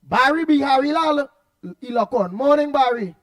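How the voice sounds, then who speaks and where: Trini guy on the radio, real high voice, chatty, repeats himself a lot. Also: moderate pace. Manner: animated, repetitive, laughs often, loud outbursts. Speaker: radio talk show host. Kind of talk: casual radio chat reading listener comments.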